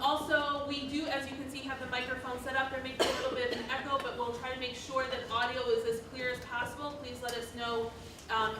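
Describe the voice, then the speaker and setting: Woman organizer, slightly high voice, distant mic, heavy hall echo. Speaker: event organizer. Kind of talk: announcements to an audience. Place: synagogue hall. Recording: distant, very echoey hall with noise.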